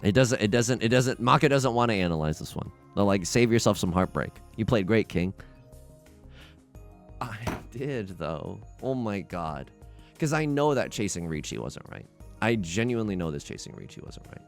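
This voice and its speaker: A young man talks through his own game with lively, jumpy pitch, dropping to low mutters and jumping up to loud outbursts. His tone is wry and self-mocking. Faint music plays under his voice. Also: normal speed. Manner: excitable, swings from muttering to shouting. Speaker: let's play host. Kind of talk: gameplay commentary.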